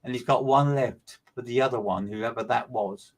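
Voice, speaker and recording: A man's voice: medium pitch, moderate pace. A man working as a medium, giving a live streamed reading in a repetitive, emphatic way and greeting listeners by name.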